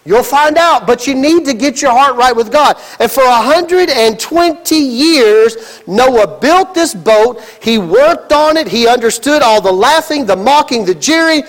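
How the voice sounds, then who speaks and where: A middle-aged male pastor preaching a sermon, telling a story with lively asides and asking the congregation rhetorical questions. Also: extremely high pitch, measured pace, big-room sound, poor audio.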